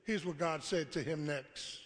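A pastor preaching a call-and-response sermon, acting out God's voice and rising to shouts. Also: male voice, a little high, a little slow. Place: church sanctuary. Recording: live church hall with long reverb.

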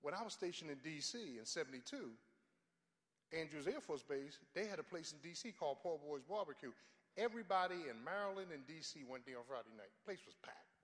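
An older man preaching a sermon, telling stories from his life and rising to fervent shouts. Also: on the high side, lively intonation, fairly quick, big-room sound. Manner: storytelling, builds to fervent shouting.

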